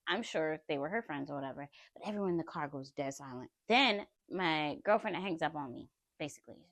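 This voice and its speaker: A woman vlogger tells her own story with lots of emphasis and frequent laughter. Her pitch swings widely as she talks, and the sound is dry and close with no room echo. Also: brisk. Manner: animated, emphatic, laughs often. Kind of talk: personal storytelling.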